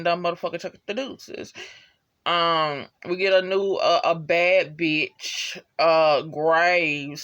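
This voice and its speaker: Slangy, rambling TV show reviewer. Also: mid-range voice. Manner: rambling, slangy and profane, full of "you know" asides; animated, laughs at favorite moments. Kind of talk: casual episode review vlog.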